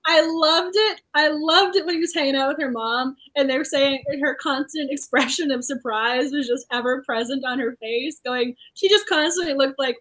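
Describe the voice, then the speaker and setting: High-voiced, animated woman book club host. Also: normal speed, few pauses. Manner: animated, laughs often. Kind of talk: casual book discussion.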